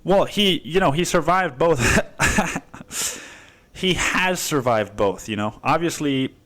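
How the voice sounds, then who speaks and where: A man's voice: on the high side, expressive, slow pace, a bit bright. A man hosting a casual solo podcast, rambling in a stream of consciousness and swearing constantly. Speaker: podcast host.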